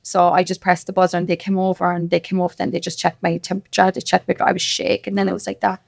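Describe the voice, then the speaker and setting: A woman's voice: fairly low pitch, little pitch movement, vocal fry, dry recording, studio quality. A woman with a Cork accent, a podcast guest telling her story casually, quoting other people's words as she goes. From Ireland. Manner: rapid, with quoted dialogue. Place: podcast studio.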